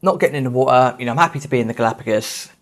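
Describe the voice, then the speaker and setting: A man, hosting a podcast and telling a travel story in a lively, self-mocking, casual way. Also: medium pitch, rapid-fire. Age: 30s. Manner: animated, self-mocking anecdote telling with swearing. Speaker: podcast host.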